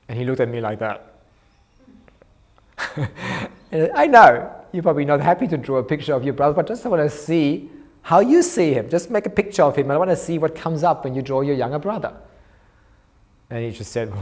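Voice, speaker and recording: A man lecturing on art therapy, recounting a clinical case and acting out the dialogue between therapist and child, growing soft for the tender moments. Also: fairly high pitch. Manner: storytelling, softens his voice for tender moments.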